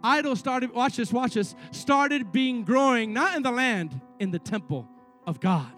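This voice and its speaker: A man's voice: very high voice, animated, a little slow, fairly bright tone, faint music behind. A middle-aged man preaching a sermon as pastor, telling stories and building to fervent pleas. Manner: preaching with rising fervor and repeated pleas.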